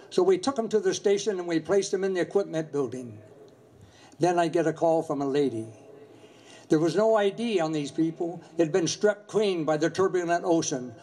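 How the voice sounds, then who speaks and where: An older man giving an earnest, measured memorial speech, telling a story from his years commanding a Coast Guard station. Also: fairly high pitch, mellow.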